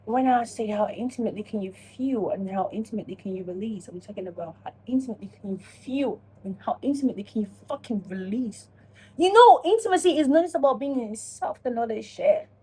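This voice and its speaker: A woman talking casually to camera in a self-reflection vlog, animated and profane, acting out her own inner dialogue. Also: fairly high pitch, a little fast, husky. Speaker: vlogger.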